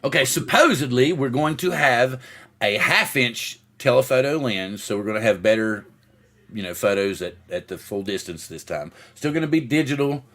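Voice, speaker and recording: A man's voice: mid-range voice, normal speed. A man hosting a casual livestream show. He tells stories with acted-out voices and greets viewers in the chat by name. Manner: animated storyteller who acts out the voices in his story.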